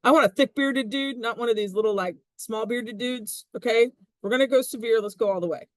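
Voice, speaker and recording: Woman as blustering orator, Southern accent, emphatic and mocking, raised pitch, dry. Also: a little fast, no room sound, close to an everyday voice. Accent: Southern US, put on. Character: blustering Roman orator man, demanding severity.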